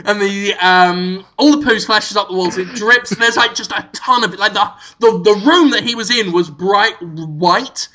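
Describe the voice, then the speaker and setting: A man co-hosting a comedy podcast, spinning an absurd story with giggles and sudden shouted bits. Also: sits high, moderate pace, few pauses, rough recording. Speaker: podcast co-host.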